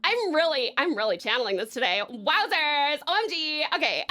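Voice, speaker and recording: A woman's voice: high voice, big pitch swings, moderate pace, pushed and bright, soft background music. A young Australian woman from Tasmania live-streaming, gushing, swearing and thanking her viewers. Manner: bubbly, gushing and sweary, with frequent laughs.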